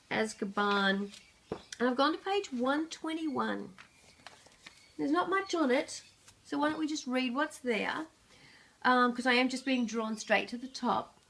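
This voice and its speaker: Gravelly-voiced woman giving a psychic reading. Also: a little high, a bit bright, a little hiss or hum. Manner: earnest, reflective, laughs between thoughts. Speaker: psychic reader. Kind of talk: casual oracle reading.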